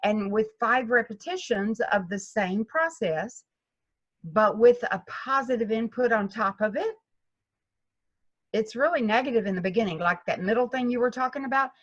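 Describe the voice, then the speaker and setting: Animated woman golf instructor. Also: on the high side, moderate pace, muffled recording. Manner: animated storytelling, acts out students' voices. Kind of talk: interview conversation.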